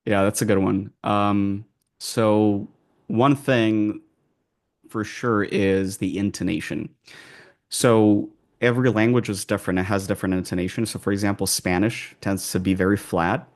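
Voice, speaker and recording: A man's voice: lowish voice, steady tone, a little slow. A man with an American accent, working as an accent coach, answering interview questions in a loose, conversational way full of fillers and restarts.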